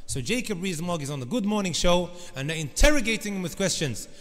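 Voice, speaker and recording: Higher-voiced male preacher in a reverberant hall. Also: big pitch swings, quick pace, a bit bright. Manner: emphatic, repeats direct addresses to the congregation. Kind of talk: sermon. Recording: long reverb of a large hall.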